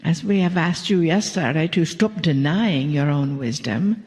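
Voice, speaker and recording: A woman channeling a spiritual message to a live audience. She speaks as a collective "we" in a slow, soothing way and often slips into whispers. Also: low voice, darkish tone. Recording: long hall reverb.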